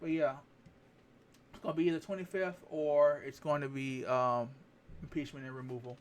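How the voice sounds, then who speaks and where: A man's voice: on the high side, flat delivery, normal speed. A man giving candid political commentary to camera, rambling, repeating phrases and stopping to check his facts. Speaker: vlogger.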